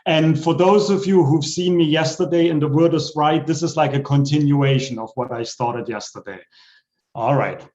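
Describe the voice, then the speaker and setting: A man's voice: fairly high pitch, normal speed, a little mellow. Playful man on a roomy, muffled call. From New York. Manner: playful, self-mocking. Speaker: open mic poet. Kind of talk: rhyming comic poem recitation. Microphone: webcam. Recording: roomy, dull online call audio.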